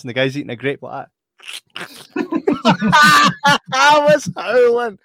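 A man's voice: a little high, expressive, moderate pace, long pauses, pushed and bright, no echo. A man in a casual movie chat, recounting scenes and calling others mate. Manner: storytelling, says "mate".

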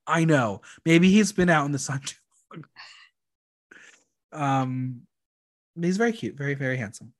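A man's voice: on the high side, expressive, measured pace, long pauses. Chatty campy man recapping a show. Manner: chatty and campy, with frequent ums. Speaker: podcast host recapping a reality show. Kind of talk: casual chat.

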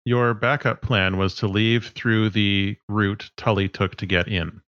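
A man narrating as game master in a tabletop game, relaxed and laughing along. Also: lowish voice, unhurried, no room sound, highs cut off.

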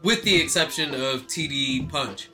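Bright-voiced man in casual banter. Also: a little high, unhurried, soft background music. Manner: loose and joking, lots of fillers and profanity. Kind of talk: casual hip-hop commentary chat.

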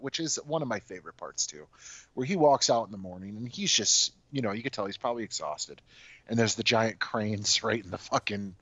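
A man chatting casually about a film, relaxed and hedging with "you know" and "sort of", swearing now and then. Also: mid-range voice, no room sound. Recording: dull, dry lo-fi mic.

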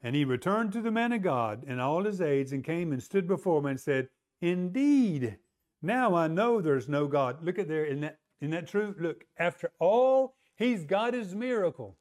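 A man's voice: fairly high pitch, lively intonation, moderate pace, darkish tone. A man preaching a sermon, retelling a story and acting out the voices in quotes. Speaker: pastor.

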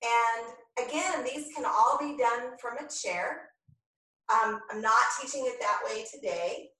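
A woman guides a yoga class at a slow, unhurried pace, her voice bright and a bit high. She sits well back from the camera mic in a very echoey room. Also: distant mic. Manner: slow, calm cueing of breath and movement. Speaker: yoga instructor. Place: home room, filmed on own camera. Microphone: camera mic at a distance.

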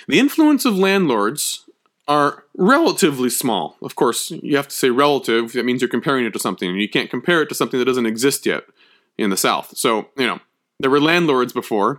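A man's voice: mid-range voice, expressive, a little fast, fairly bright tone. A man giving a history lecture, emphatic and conversational, checking in often with his listeners. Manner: emphatic, checks in with frequent "okay?".

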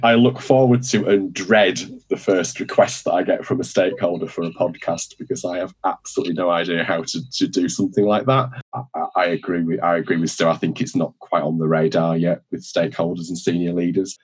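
A man with a very low voice and a husky edge. He speaks as a guest on a podcast panel, musing aloud and restarting his phrases as he works out what he means. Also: steady tone, fairly quick. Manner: thoughtful, repeats words while searching for them. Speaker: podcast guest, internal communications professional. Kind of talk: casual panel discussion.

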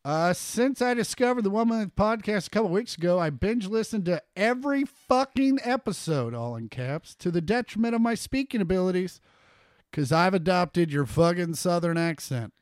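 Man, fairly high voice, podcast co-host, loose profane joking, dry close sound. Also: lively intonation, moderate pace, clear, resonant tone, no echo. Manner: jokey, loose and profane, reading listener mail aloud. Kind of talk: casual podcast chat.

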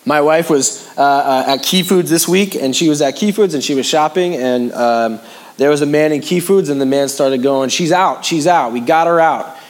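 A man preaching a sermon in a conversational way, repeating phrases for emphasis and moving between raised, urgent lines and hushed, low ones. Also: moderate pace. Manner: conversational preaching with sudden rises and hushed drops. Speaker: pastor.

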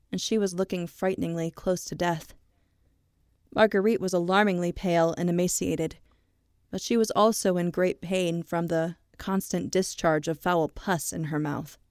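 A woman's voice: fairly low pitch, steady tone, normal speed, darkish tone, no echo, studio quality. A woman co-hosting a casual podcast, reading a true story aloud with chatty asides. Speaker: podcast co-host.

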